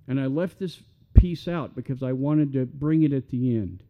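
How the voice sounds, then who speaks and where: A man's voice: mid-range voice, moderate pace, narrow, tinny audio. An older man, preaching a sermon in a folksy, repetitive way full of rhetorical questions. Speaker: pastor.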